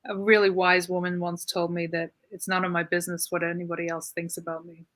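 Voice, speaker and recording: A woman's voice: fairly low pitch, flat delivery, fast, a bit bright, no echo. A woman hosting a casual interview chat, easygoing and opinionated, often saying "you know". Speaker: interview host.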